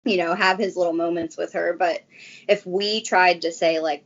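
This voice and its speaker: A young woman talks in a chatty, rambling way, with many "like"s as she tells her story. Her voice sits a little low. The recording sounds slightly dull and lo-fi. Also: fairly even intonation, moderate pace, gravelly. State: briefly tearful. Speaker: guest. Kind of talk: casual chat.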